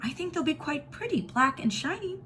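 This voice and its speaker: A woman reading as a gentle young girl. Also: high voice, big pitch swings, fairly quick, a little hiss or hum, voice pushed up, full character voice. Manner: gentle, reassuring. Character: kind, calm ten-year-old girl.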